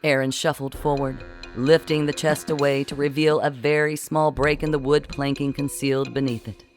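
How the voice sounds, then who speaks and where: A narrator reading a comic adventure audiobook with an expressive, wry delivery. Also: mid-range voice, moderate pace, music in the background.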